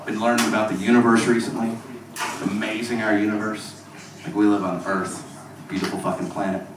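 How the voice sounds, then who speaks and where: A stand-up comedian from Mississippi working a club crowd with crude, profane jokes and deadpan asides. His voice sits at a middle pitch and comes through roomy and distant, with steady noise behind it. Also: fairly quick. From Mississippi, USA. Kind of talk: stand-up routine. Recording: echoey club recorded from far off.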